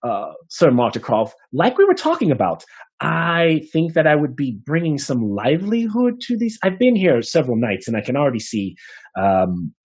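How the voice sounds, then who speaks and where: A man putting on a smooth-talking half-elf bard. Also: fairly high pitch, wildly swooping pitch, moderate pace, darkish tone, pitched above the performer's own voice, exaggerated voice. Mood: persuasive. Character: flamboyant male half-elf storyteller bard, smooth and persuasive.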